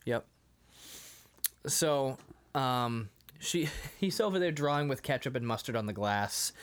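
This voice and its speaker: A man's voice: mid-range voice, measured pace, smooth. A man co-hosting a casual podcast, recapping an old film and breaking into goofy impressions of its lines. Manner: animated, acts out film lines in goofy voices. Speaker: podcast co-host. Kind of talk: casual movie-recap chat.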